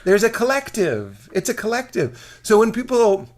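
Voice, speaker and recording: Animated comedian man trading ideas. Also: high-pitched, normal speed. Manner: animated, jumps into silly character voices. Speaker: comedian guest. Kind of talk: casual podcast chat.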